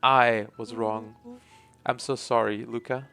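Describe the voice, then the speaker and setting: Guy reading a sorry young boy, slow and halting, quiet game music under it. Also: mid-range voice, little pitch movement, gravelly. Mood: remorseful. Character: earnest nervous young boy apologizing.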